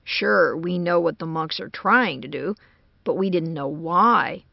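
A woman's voice: fairly low pitch, unhurried, gravelly, dry recording, heavily acted. Woman reading as uneasy urgent engineer man, storybook, dry lo-fi sound. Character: worried American man, a computer engineer. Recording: dull lo-fi dry recording.

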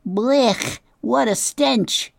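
A hungry male badger grumbling in disgust, as a woman reading a storybook puts him on. His voice is pushed up high. The sound is dry and close. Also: extremely slow, gravelly, no echo, full character voice.

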